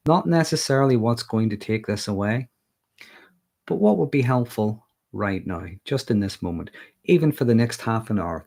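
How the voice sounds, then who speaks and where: A man with a Northern Irish accent and a fairly low voice talks casually to a livestream audience. He keeps a conversational flow and checks in with a quick "okay?" as he goes. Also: vocal fry, darkish tone. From Northern Ireland. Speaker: mental health livestreamer.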